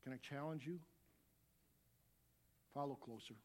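A middle-aged man preaching a sermon as a pastor, animated, dropping to quiet asides and rising to loud shouts. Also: medium pitch, measured pace.

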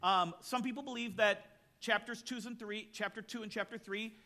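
A man preaching a sermon from a church stage, telling jokes and stories in an expressive way. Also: high-pitched, normal speed. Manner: storytelling, tells jokes from the pulpit, expressive. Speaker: pastor.

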